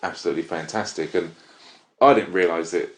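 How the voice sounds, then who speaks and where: A low-voiced man hosts a casual film review podcast, speaking a little fast. He rambles enthusiastically and keeps interrupting himself, and the recording has a roomy echo.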